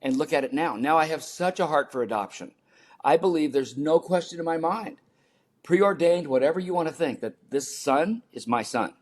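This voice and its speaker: An older man, a podcast guest, telling personal stories in an animated way and acting out the people in them. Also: a little high, normal speed. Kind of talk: storytelling in a podcast interview.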